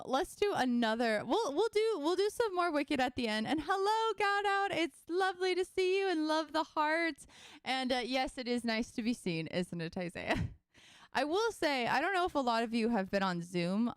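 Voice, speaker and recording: A woman's voice: fairly high pitch, smooth, no room sound, studio quality. A young woman hosting a livestream from home and chatting casually with viewers, giggly and full of fillers like "like" and "um". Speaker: livestream host and singer.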